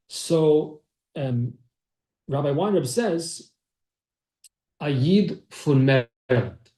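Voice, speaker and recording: A man's voice: on the high side, expressive, unhurried, long pauses, mellow. Man teaching a class in an echoey room. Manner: storytelling, acts out quoted speech. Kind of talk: telling a story in a class.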